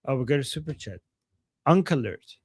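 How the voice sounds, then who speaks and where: A man's voice: medium pitch, expressive, normal speed, darkish tone, slightly rough, dry recording. A man co-hosting a casual political livestream, chatting with many fillers and restarts and reading out viewer chat messages. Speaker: livestream co-host.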